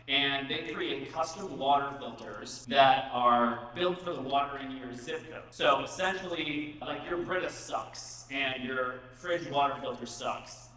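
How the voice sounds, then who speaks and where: An energetic man delivers a conference talk with a bright, forceful voice that sits a little high. He keeps tossing questions out to the audience. The sound comes from a distance and rings around a large, echoing hall. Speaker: conference speaker. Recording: echoey hall from far off.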